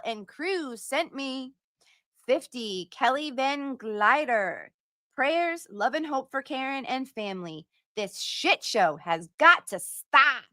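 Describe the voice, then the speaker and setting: A woman's voice: high-pitched, bright, forceful tone, dry recording, clean studio sound. A woman hosting a casual livestream, reading out donor messages in a chatty, playful way. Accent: put-on accent at times. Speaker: livestream host reading donations.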